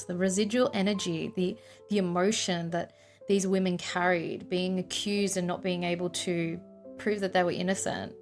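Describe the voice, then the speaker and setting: A young woman telling a history vlog in an emotional storytelling style, sighing and trailing off into soft asides. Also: fairly low pitch, creaky. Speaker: paranormal history vlogger.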